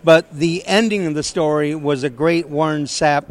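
A male co-host with a somewhat high voice chats casually with a guest. He talks in a relaxed, conversational way as he sets up a question. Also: moderate pace. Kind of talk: casual interview chat.

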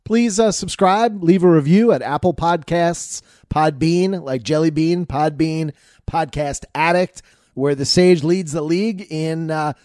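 A man hosting a sports podcast, wrapping up an interview and reading promos in quick, upbeat host patter. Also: on the high side, darkish tone, no room sound, clean studio sound. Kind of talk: radio-style sign-off and promo.

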